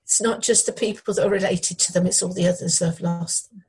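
Sad middle aged woman in an interview, husky voice, keeps stopping and repeating words. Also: on the low side, fairly even intonation, darkish tone, rough recording. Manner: halting, grieving, repeats phrases. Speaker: interviewee, bereaved widow. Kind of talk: emotional news interview.

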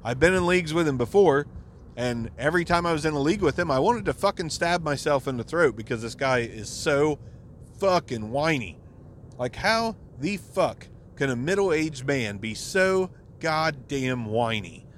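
A podcast host rants casually in an exasperated monologue, swearing frequently. His voice is fairly high and animated at a normal speed, with a little hiss or hum in the recording.

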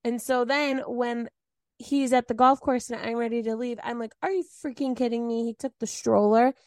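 On a dry, studio-quality recording, a woman with a fairly high voice speaks at a moderate pace. She's co-hosting a podcast, relaying a story in easygoing chat and acting out the quotes with wide vocal swings.

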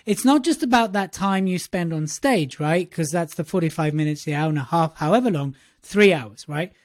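A man's voice: on the high side, moderate pace, no echo, studio quality. A man co-hosting a podcast, chatting casually and acting out quoted voices. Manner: animated, acts out quoted voices, repeats himself. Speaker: podcast co-host, speaking coach.

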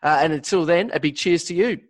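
A podcast host chatting casually, with short, upbeat reactions. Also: male voice, a little high, fairly quick. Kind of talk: casual chat.

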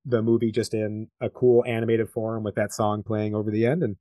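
A man's voice: lowish voice, monotone, brisk, warm tone, no room sound. A man co-hosting a podcast, chatting about a film in a loose, rambling way and laughing along. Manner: rambling, many fillers and restarts, laughs along. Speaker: podcast co-host. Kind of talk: casual film discussion.

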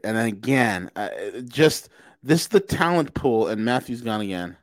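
A male podcast host rants with a lively voice that jumps up and down in pitch. He hammers the same phrase again and again and trips into restarts. The sound is close and dry. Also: measured pace, dry recording. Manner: emphatic, repetitive, restarts mid-sentence. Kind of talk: casual political rant.

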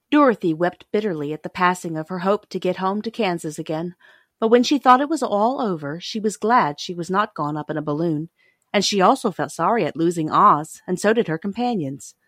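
A woman's voice: on the low side, moderate pace, no room sound. Woman reading a storybook, dry close sound. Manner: clear, expressive narration. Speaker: audiobook reader. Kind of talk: storybook reading of a classic novel.

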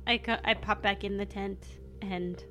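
A woman's voice: medium pitch, fairly even intonation, normal speed, sharp tone, soft background music. A woman playing a tabletop game, talking through her character's actions in a hesitant, giggly way. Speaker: player.

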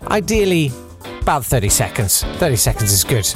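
A man's voice: medium pitch, big pitch swings, a little fast, over music. A man hosting a podcast in a casual, rambling way, reading listener messages with self-deprecating asides. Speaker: podcast host.

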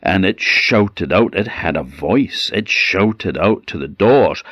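A man with an Orkney Scottish accent telling a folk tale in a lively, expressive way. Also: low voice, breathy edge, no room sound, studio quality. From Orkney, Scotland. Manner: lively, expressive, drawn-out words. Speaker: storyteller.

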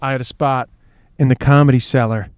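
A man's voice: medium pitch, fairly even intonation, fairly quick, darkish tone, clean tone, no echo. An Irish man co-hosting a podcast in casual chat, talking in loose, restarting phrases. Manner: chatty, restarts phrases often. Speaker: podcast co-host. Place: moving car. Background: traffic and train noise.

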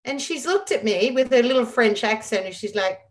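A middle-aged woman, a guest on an interview show, telling a lively story full of quoted dialogue. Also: fairly high pitch, brisk. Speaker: guest, former squash champion.

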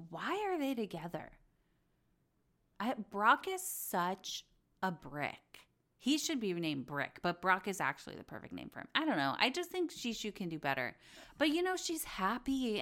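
A woman's voice: medium pitch, a bit bright. A woman hosting a podcast, chatting casually about reality TV gossip, blunt and full of swearing. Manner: chatty, blunt, swears freely, acts out quotes. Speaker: podcast host.

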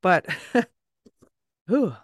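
A woman's voice: very slow, dry recording, clean studio sound. A woman hosting a podcast interview, talking in a rambling, emotional way with many fillers while holding back tears. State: tearful. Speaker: podcast host. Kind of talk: casual conversation.

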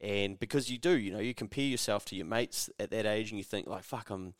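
A man's voice: fairly low pitch, fairly quick, no echo, studio quality. Sweary New man telling stories. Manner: sweary storytelling, acts out the people in his stories. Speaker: podcast co-host. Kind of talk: casual podcast chat.

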